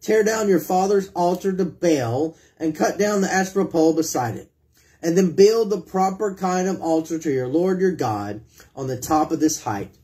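Male preacher with a fairly high voice, reads scripture aloud, puts questions to the congregation, voices pleading prayers. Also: moderate pace, dark tone. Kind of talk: sermon.

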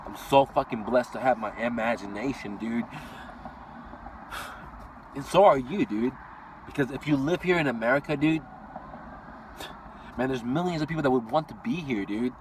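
An Iranian vlogger and business owner delivers a blunt, profane motivational rant, swearing constantly and adding "dude" to his lines. His mid-range voice is picked up by a distant mic with slight background noise.

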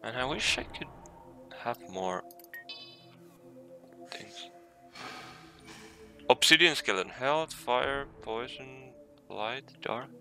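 A man's voice: mid-range voice, slow, long pauses, sharp tone, soft background music. A man giving casual commentary on a game he is playing, swearing often, making frustrated outbursts and reading item text aloud. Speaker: let's play gamer.

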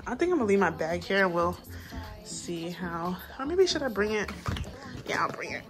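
A woman's voice: medium pitch, big pitch swings, moderate pace. A young woman vlogging a trip in a casual, chatty way, slangy and laughing often, at times out of breath. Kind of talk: casual travel vlog.

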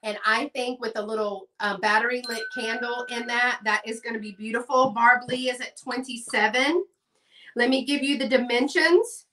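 A woman's voice: a little high, fairly even intonation, moderate pace, far from the mic, noisy background. A chatty woman hosting a live sale stream, reading out bids and saying y'all. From Texas. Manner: chatty, says y'all, reads bids aloud. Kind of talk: live selling stream, casual chat.

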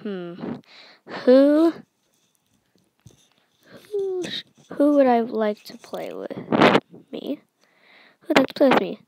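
A woman's voice: high voice, big pitch swings, takes it slowly, gravelly, pauses often, very noisy, heavily acted. A girl doing a pleading young warrior pup. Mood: lonely. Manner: whiny, begging.

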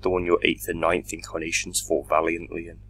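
Brooding armored villain guy, deep and raspy, slow and menacing, man doing the voice in a fan audio drama. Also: flat delivery, fairly bright tone, full character voice, rough recording.

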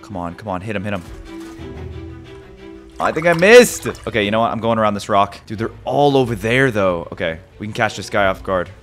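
A man giving excited gameplay commentary as a gaming YouTuber, yelping and repeating himself as the action unfolds. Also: on the low side, fast talker, few pauses, faint music behind. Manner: excitable, yelps and repeats phrases.

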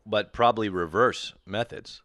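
Deep-voiced joking man. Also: moderate pace, a bit bright, dry recording. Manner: crude, joking, teasing. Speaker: podcast host. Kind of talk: casual chat.

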